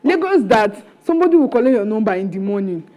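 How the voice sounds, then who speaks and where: A woman in casual talk-show chat, lively and teasing. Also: a little high, quick pace. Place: TV studio.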